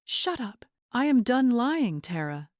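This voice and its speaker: A woman's voice: a little high, unhurried, darkish tone, dry recording, studio quality, voice pushed up, close to an everyday voice. A woman voicing a tearful grown son, voice cracking. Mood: anguished. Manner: voice cracking, emotional.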